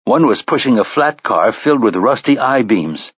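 A man narrating an audiobook in a measured storytelling manner, on a slightly dull recording. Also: medium pitch, expressive, a bit bright, breathy edge, no echo. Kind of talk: scripted narration.

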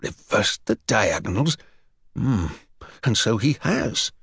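A man's voice: medium pitch, wildly swooping pitch, measured pace, creaky, breathy edge, no room sound, studio quality, heavily acted. A man voicing an older, pompous male headmaster with a haughty, condescending drawl. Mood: flustered.

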